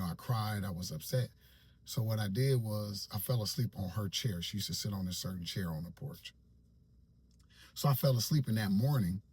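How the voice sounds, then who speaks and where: A man telling a personal story in a reflective, soft-spoken way, at times dropping almost to a whisper. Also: fairly low pitch, husky. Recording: faint music underneath.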